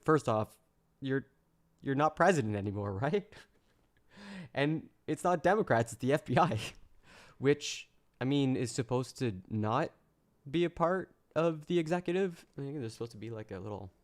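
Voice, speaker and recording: A man's voice: mid-range voice, animated, moderate pace. A man hosting a livestream, gleefully mocking what he watches in casual reaction commentary. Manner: gleeful, mocking, breaks into laughter. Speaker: livestream host.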